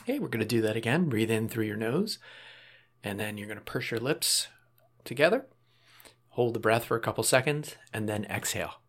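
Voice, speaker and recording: Calm man with a gravelly voice. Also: lowish voice, fairly quick. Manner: calm, step-by-step guidance with small asides. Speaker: relaxation instructor. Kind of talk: guided muscle relaxation.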